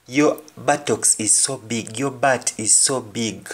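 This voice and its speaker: A man with a Jamaican accent teaching a language lesson, repeating each phrase slowly and then translating it. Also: medium pitch, slightly rough. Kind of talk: slow spoken language lesson.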